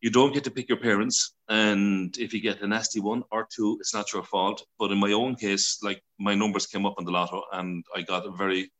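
An Irish man in his sixties, a broadcaster telling stories as an interview guest, chatty and quick to laugh, acting out voices as he goes. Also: on the low side, little pitch movement, fairly bright tone. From Ireland. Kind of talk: casual storytelling interview.

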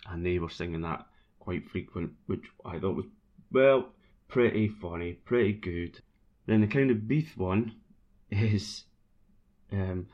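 Rambling man, low and muffled. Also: a little slow. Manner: rambling, self-mocking, bursts into sung chants. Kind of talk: casual chat about football. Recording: dull lo-fi recording.

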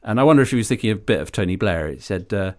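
A man with a fairly low voice, co-hosting a casual podcast. He talks thoughtfully and warms up with enthusiasm. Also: lively intonation, rapid-fire. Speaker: podcast co-host. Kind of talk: casual chat.

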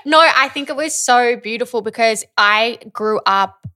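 Bright, bubbly young woman. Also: on the high side, measured pace. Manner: bubbly and emotional, laughing often, swearing casually. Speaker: podcast co-host. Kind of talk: casual chat.

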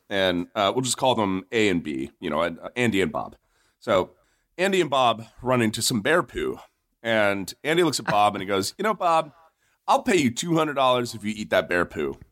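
Man, casual economics explainer, lively expressive pitch, animated storyteller. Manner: animated storyteller, voices characters in jokes.

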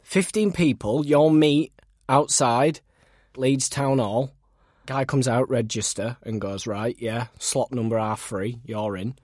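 A man, a podcast co-host telling stories in casual chat, breaking into high laughs. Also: takes it slowly, no room sound, clean studio sound. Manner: lively storytelling, bursts into high laughs.

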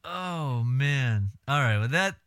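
A man's voice: medium pitch, lively intonation, takes it slowly, a bit bright, smooth, no echo. Wry, profane man on a dry mic. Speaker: podcast co-host. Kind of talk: casual chat reacting to songs.

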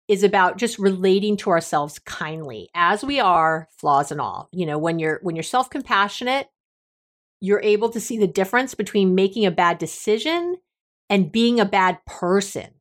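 A middle-aged woman hosting a self-help podcast, talking in a casual, emphatic and playfully bossy way, laughing often. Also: medium pitch. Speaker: podcast host.

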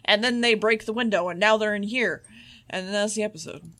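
A man's voice: sits high, fairly quick, a bit bright. A man co-hosting a podcast, casually recapping an episode, swearing freely and acting out the characters' lines. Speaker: podcast co-host.

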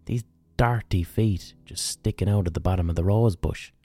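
An Irish man tells an old myth in a loose, colloquial way, swearing freely. His voice is low and very mellow. Faint music plays under him. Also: normal speed. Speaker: podcast host. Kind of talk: casual storytelling.

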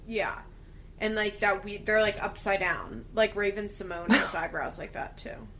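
A woman's voice: mid-range voice, normal speed, fairly bright tone, a little hiss or hum. A young woman co-hosting a podcast, chatting casually about a TV show and using lots of filler words. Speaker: podcast co-host. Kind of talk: casual chat recapping a TV show.

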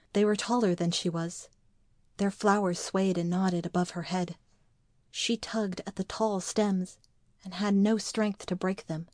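A woman narrating an audiobook in a measured, quiet way. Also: mid-range voice, no room sound, clean studio sound.

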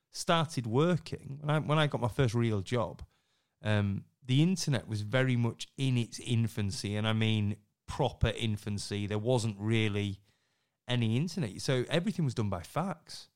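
A middle-aged man, co-hosting a casual podcast, chatty and quick to laugh. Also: medium pitch, expressive, a little mellow. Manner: chatty, laughs easily, upbeat sign-off. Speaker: podcast co-host.

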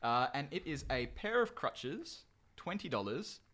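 A man's voice: mid-range voice, very animated, unhurried, bright, forceful tone. A man co-hosting a comedy podcast, hesitant and prone to trailing off. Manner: hesitant, trailing off, laughs at himself. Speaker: podcast co-host. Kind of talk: casual comedic chat.

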